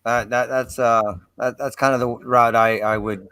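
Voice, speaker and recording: A man's voice: mid-range voice, little pitch movement, normal speed, sharp tone, dry recording. A man joking around in a casual stream chat, laughing through his words.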